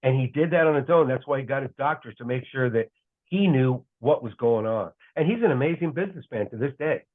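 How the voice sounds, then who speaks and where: A middle-aged man talks through a tinny, phone-like line at an everyday pitch. He wanders through his stories and keeps catching and fixing his own words mid-sentence. It's an easy podcast chat. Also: expressive, fairly quick. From United States. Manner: rambling, self-correcting anecdotes. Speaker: guest broadcaster. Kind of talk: casual podcast storytelling.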